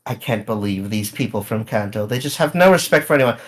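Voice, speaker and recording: A man's voice: fairly low pitch, lively intonation, a little fast, pitched below the performer's own voice, low-quality recording. A man voicing a genteel, talkative elderly woman traveler in a tabletop game. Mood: prim.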